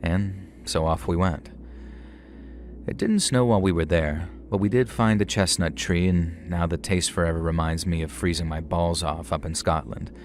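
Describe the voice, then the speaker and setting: A middle-aged man narrating a scripted horror story in a measured, wry storytelling manner. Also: deep voice, fairly even intonation, a little hiss or hum. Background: faint music.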